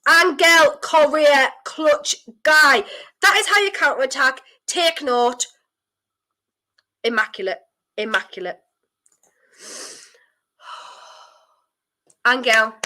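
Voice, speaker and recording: Hosting a live football watchalong stream, a young woman reacts with elated, breathless excitement and chats with her viewers. Her voice sits high, and she speaks very slowly with frequent pauses.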